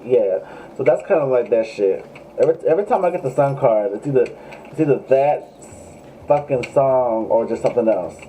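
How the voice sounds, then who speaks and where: A man's voice: medium pitch, animated, normal speed, pauses often, warm tone, a little hiss or hum, poor audio. A man giving a casual, joking live tarot reading, swearing freely and talking straight to his viewers. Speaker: tarot reader.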